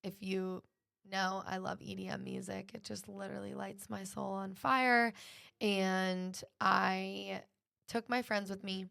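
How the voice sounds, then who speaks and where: A woman's voice: mid-range voice, level tone, slow, vocal fry, a bit bright. A young woman hosting a podcast, telling a personal story in a casual, earnest way with lots of "like". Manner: earnest, fills speech with "like". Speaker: podcast host.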